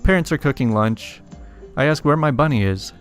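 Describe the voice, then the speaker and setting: A man's voice: medium pitch, animated, normal speed, smooth. Man reading internet stories with wry asides. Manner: chuckles between stories, adds wry asides. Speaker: story reader. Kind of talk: casual narration of internet stories. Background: faint music.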